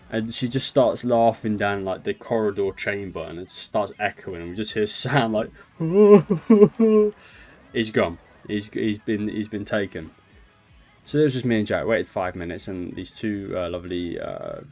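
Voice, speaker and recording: A man's voice: fairly low pitch, a little mellow. A young man casually telling a funny holiday story, laughing and mocking himself along the way. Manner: chatty, laughs through his story, self-mocking. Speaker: storyteller vlogger.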